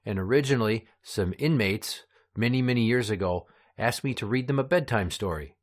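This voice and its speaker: A man hosting a mock children's show, gruff and deadpan with blunt profanity, reading out his own storybook. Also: mid-range voice, a little fast. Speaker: podcast host.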